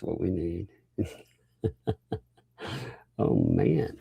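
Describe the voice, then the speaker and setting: A man's voice: on the low side, lively intonation, moderate pace, vocal fry, slightly rough, no echo, dull audio. A father hosting a casual livestream, playfully joking and laughing while he talks with his young daughter. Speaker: livestream host.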